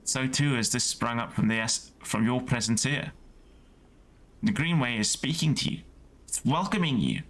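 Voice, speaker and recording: A man voicing an elderly female gardener-scientist with a put-on Welsh accent, speaking softly and earnestly as he reads game dialogue aloud. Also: medium pitch, lively intonation, normal speed.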